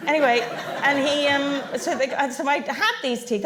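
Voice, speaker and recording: A woman's voice: sits high, steady tone, normal speed, hardly any pauses, fairly bright tone. A woman on a panel, telling anecdotes and laughing often as she talks. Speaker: panel guest. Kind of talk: anecdotal storytelling on stage. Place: public venue.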